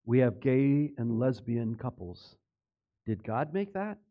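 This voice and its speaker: A man's voice: medium pitch, very animated, slow, phone-quality sound. A pastor preaching a sermon to his congregation, throwing out rhetorical questions, stumbling over names and correcting himself as he goes.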